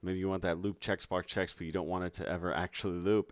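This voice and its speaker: Working on his game at home at night, a man keeps up casual live-stream commentary for his viewers, exasperated, sarcastic, and cursing often. He talks fast in a deep, flat, clean voice with hardly any pauses. There's no room sound, and the audio is dull and lo-fi.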